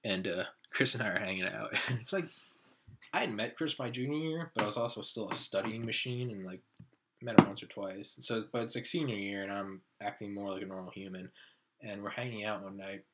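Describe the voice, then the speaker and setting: A man's voice: on the low side, fairly quick, very noisy. Rambling young man telling stories. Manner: rambling storyteller who acts out friends' lines. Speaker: podcast co-host. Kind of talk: casual chat.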